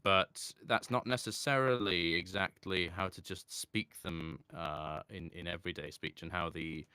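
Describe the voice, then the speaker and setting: A man's voice: deep voice, fairly even intonation, sharp tone, smooth, no echo, clean studio sound. A man being interviewed in casual chat, talking thoughtfully with many restarts and light laughs. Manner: halting, thoughtful, with frequent restarts. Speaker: interview guest.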